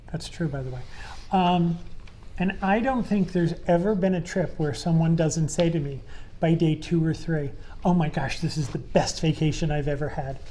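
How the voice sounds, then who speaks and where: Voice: medium pitch, dark tone, a little hiss or hum. A podcast co-host in a casual panel chat, jumping in with short comments and asides.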